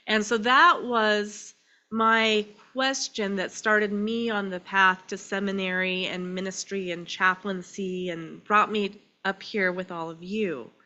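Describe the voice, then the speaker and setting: A woman minister preaching a sermon. She is crying and speaks in short phrases with pauses. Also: mid-range voice, bright, forceful tone, highs cut off. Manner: slow, emotional and tearful, with pauses between phrases.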